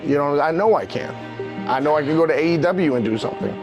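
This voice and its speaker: A man's voice: fairly high pitch, lively intonation, fast talker, lo-fi sound, over music. A New man in his thirties, a professional wrestler guest, tells his own story with open emotion. His voice sits a little above the usual male range. He rambles and circles back, filling his talk with "you know what I mean". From New York. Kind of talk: candid personal storytelling.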